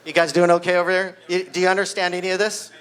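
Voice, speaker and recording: A man's voice: sits high, fast talker, smooth. A man in his sixties doing stand-up at a party, a wrestling coach telling stories and acting out the kids. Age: 60s. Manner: animated storyteller, acts out kids' voices. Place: party venue with live audience.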